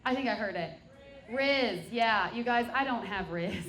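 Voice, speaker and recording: A woman's voice: a little high, unhurried, fairly bright tone. A woman doing a stand-up set on a brewery stage, delivering self-deprecating, bawdy punchlines to a live audience. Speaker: stand-up comic. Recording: echoey room with crowd.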